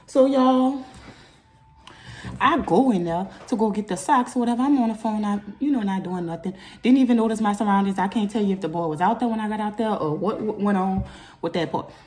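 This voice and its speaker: In a laid-back storytime video, a young female vlogger recounts something from her own life, talking slightly quickly. She stays animated throughout and jumps to loud, shrill peaks when annoyed.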